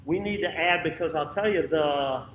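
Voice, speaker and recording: High-voiced man leading a choir rehearsal. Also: fairly bright tone, a little hiss or hum. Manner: brisk counting and sung demonstrations. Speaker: choir director. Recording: roomy, distant mic with piano.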